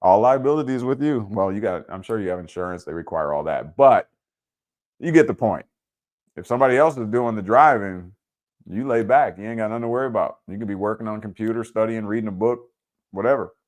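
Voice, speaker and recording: Low-ish voiced guy doing a chill livestream, chatty, lots of uhs and ums. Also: fast talker. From Wisconsin. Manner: laid-back, chatty, reads and answers comments; informal speech with frequent fillers. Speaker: livestream host. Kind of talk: casual livestream talk to viewers.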